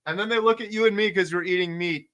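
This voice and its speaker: A man's voice: high voice, quick pace, bright, forceful tone. A man hosting a casual interview, talking with enthusiastic emphasis, piling up repeated words and fillers. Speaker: podcast host.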